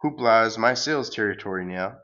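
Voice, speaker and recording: A man voicing a pompous cosmic salesman giant who makes grandiose, drawn-out proclamations while reading a parody comic aloud. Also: lowish voice, bright, forceful tone, highs cut off.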